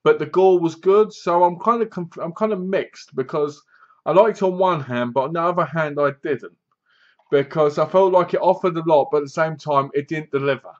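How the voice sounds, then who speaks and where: A man's voice: on the high side, moderate pace, highs cut off. A man giving a casual, rambling spoken review of a horror film, often restarting his sentences. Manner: rambling, loose, many restarts. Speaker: movie reviewer.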